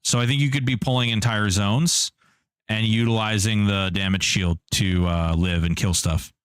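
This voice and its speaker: A man's voice: fairly low pitch, steady tone, moderate pace, smooth, no room sound, clean studio sound. Chatty man streaming a game. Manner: chatty, jokey, reads and answers chat. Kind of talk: casual live-stream commentary.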